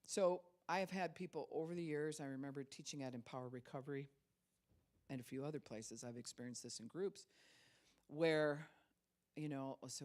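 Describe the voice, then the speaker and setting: A woman's voice: low voice, normal speed, darkish tone. A middle-aged woman pastor giving a conversational sermon, acting out quoted voices and laughing now and then.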